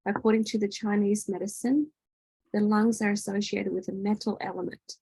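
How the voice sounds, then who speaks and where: A woman's voice: mid-range voice, fairly even intonation, moderate pace, dark tone, husky, dry recording, rough recording. A woman hosting an online wellness workshop, talking in a chatty way with many fillers and restarts. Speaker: workshop host and energy healer.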